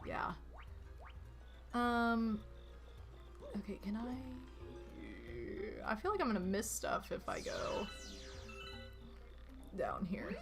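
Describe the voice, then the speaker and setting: A young woman streaming a video game from home, chatting casually and telling stories to her viewers in an animated, rambling way. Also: fairly high pitch, very slow, long pauses. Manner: chatty, animated storytelling with lots of "like" and laughs. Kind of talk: casual gaming stream chat. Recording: game music faintly behind.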